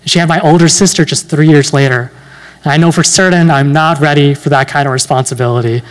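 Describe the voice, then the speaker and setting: A young man around nineteen performing a stand-up comedy set with dry, deadpan delivery, pausing with fillers between lines. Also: on the high side. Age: late teens. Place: university event hall. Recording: long hall reverb.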